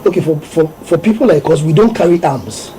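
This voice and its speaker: Mellow-voiced Nigerian man giving advice. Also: a little high, lively intonation, fairly quick, a little hiss or hum, rough recording. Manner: earnest, advising, repeats key points. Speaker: security professional guest. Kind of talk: radio guest interview. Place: radio studio.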